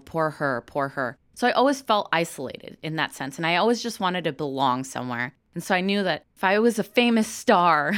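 A woman's voice: sits low, a bit bright, no echo, studio quality. A young American woman from Chicago, an actress talking candidly in an interview and laughing often. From Chicago, United States. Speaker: actress, guest.

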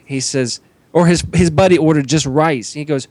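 A man's voice: on the high side, moderate pace, darkish tone, no echo. A man co-hosting a comedy podcast, animatedly retelling comedians' jokes in casual chat.

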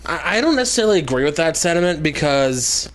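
A man's voice: fairly high pitch, very animated, quick pace. A man co-hosting a wrestling podcast, talking with many fillers and hesitations. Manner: hesitant, filler-heavy, laughs often. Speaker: podcast co-host. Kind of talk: casual wrestling chat.

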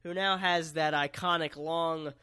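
A man co-hosting a podcast, recapping a story in relaxed casual chat with lots of fillers. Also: on the high side, measured pace, smooth, dry recording. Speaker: podcast co-host.

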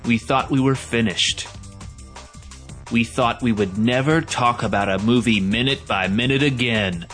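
A man giving a dramatic podcast intro in a slow, drawn-out delivery. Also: mid-range voice, fairly bright tone, faint music behind.

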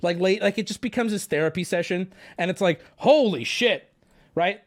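A man streamer telling a story to his chat in a casual, animated way, swearing freely and using lots of fillers. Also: high-pitched, a little fast.

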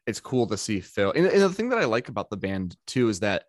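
A man's voice: fairly low pitch, very animated, quick pace, no room sound, clean studio sound. A man co-hosting a podcast, chatting casually and rambling a little, with lots of fillers and restarts. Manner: chatty, full of fillers and restarts, quotes others in put-on voices. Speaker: podcast co-host. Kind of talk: casual chat.

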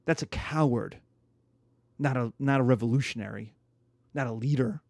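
A man giving a casual history lecture, animated and jokey, acting out quotes as he goes. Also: medium pitch, moderate pace, creaky, no echo. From United States.

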